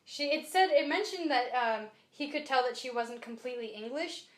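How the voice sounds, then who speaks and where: A woman co-hosting a podcast talks about a book in a casual, animated way, full of fillers and restarts. Her voice sits high. The sound has a roomy echo. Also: normal speed, very noisy. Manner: chatty, animated, many fillers. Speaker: podcast co-host. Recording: echoey room.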